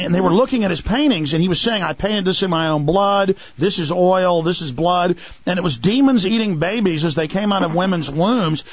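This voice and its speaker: Excitable high-voiced male radio host. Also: no room sound. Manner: excitable, mocking, mimics people in high falsetto. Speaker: radio talk show host. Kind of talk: heated talk radio conversation. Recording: muffled radio broadcast sound.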